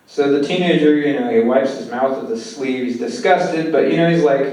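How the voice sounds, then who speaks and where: A man's voice: medium pitch, moderate pace, darkish tone, distant mic. A man giving a film lecture, retelling scenes from a script in a loose, conversational way. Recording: very echoey room, voice off-mic.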